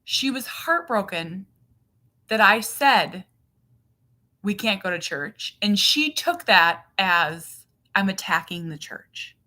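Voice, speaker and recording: A woman's voice: mid-range voice, lively intonation, slow, pushed and bright. A woman in her thirties or forties, a mother and channel host, chatting casually and animatedly on a livestream, full of fillers.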